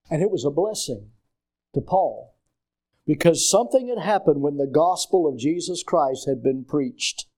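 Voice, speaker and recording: An older man preaching a sermon as pastor, emphatic and deliberate, asking the congregation questions. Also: dark tone. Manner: preaching with call-and-response questions; slow, emphatic phrasing with rising and falling pitch.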